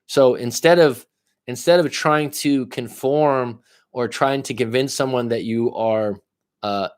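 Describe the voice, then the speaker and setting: A man giving live coaching advice in a blunt, profane way, pushing the listener with repeated questions. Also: medium pitch. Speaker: life coach.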